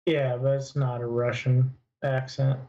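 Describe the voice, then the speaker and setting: A man's voice: mid-range voice, level tone, measured pace, vocal fry, warm tone. A man co-hosting a casual chat, answering in brief, matter-of-fact, assertive replies. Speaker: podcast co-host. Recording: dull lo-fi sound.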